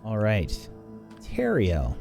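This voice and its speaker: Slow, low-voiced male game master. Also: huge pitch swings, creaky, over music. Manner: halting, measured narration. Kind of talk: narrating a tabletop game.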